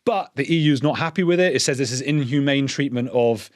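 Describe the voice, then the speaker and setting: An English man, a podcast guest, talking in a quick, earnest way and restarting his sentences often. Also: medium pitch, dry recording, clean studio sound. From England. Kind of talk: conversational interview.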